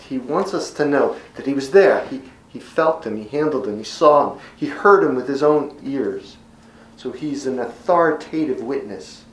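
A man preaching an expository sermon as pastor, teaching in a measured, earnest way and driving points home by repeating them. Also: medium pitch, a bit bright, reverberant, rough recording.

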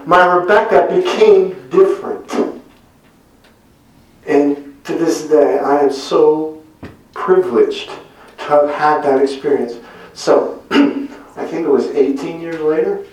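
A middle-aged man tells his faith story at an unhurried pace, earnest but quick to poke fun at himself. His voice sits a little high for a man. He sounds set back from the mic, with heavy echo around him in a church sanctuary. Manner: earnest, with wry self-deprecating humor. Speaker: church speaker giving a testimony. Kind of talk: personal testimony storytelling. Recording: very echoey room, mic far off.

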